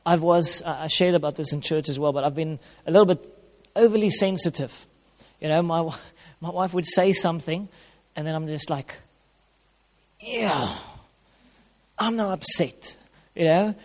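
A pastor gives an informal sermon on marriage, speaking conversationally and plainly while repeating key phrases. His voice is a little high. The recording carries a long hall reverb.

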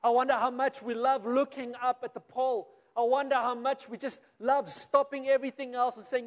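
A man with a South African accent preaching a sermon, telling a story and acting out the quoted voices, rising and then dropping to a quiet close. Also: very high-pitched, level tone, fairly quick, few pauses. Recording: long reverb of a large hall.

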